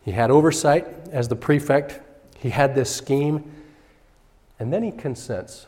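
In a hall with reverb, a pastor delivers his sermon a little slowly, his mid-range voice slightly mellow. He keeps it conversational and now and then voices the people in his story.

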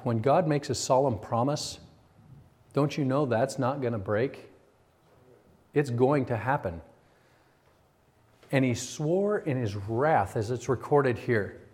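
A middle-aged man preaching a sermon as a pastor, swinging between raised, emphatic stretches and quiet, confiding asides. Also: medium pitch, a little slow.

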